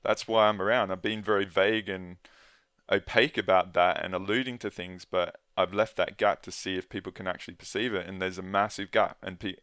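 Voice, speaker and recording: Low, smooth-voiced earnest man. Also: steady tone, a bit bright, no room sound, studio quality. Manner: earnest, halting, with many restarts. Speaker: guest. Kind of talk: casual conversation.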